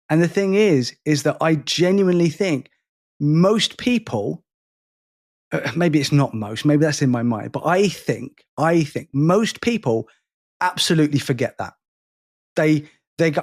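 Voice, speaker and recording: A man's voice: a little high, animated, a little slow, a little mellow. A man co-hosting a podcast, speaking emphatically and venting his frustration at length in casual conversation. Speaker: podcast co-host.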